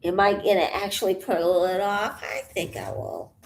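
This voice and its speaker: A woman vlogging casually as she paints, out of breath and rambling with many pauses, thinking aloud. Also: medium pitch, big pitch swings. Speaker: channel host. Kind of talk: casual vlog while painting.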